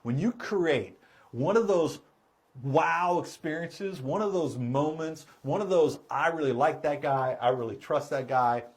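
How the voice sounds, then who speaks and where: A middle-aged man, a car sales trainer, telling a story in a casual, animated way and laughing as he goes. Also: fairly high pitch, a little slow.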